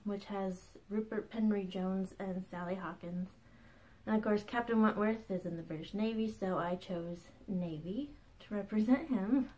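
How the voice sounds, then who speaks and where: A medium-pitched woman in her thirties hosts her own crafting podcast at home, chatting casually and bubbly and often laughing between asides. The recording is rough.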